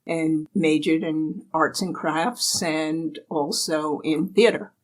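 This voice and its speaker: Slow and low-pitched, with fairly even intonation, an older woman from the US recounts anecdotes as a guest in a relaxed storytelling interview. She's chatty and laughs often, and the audio is poor.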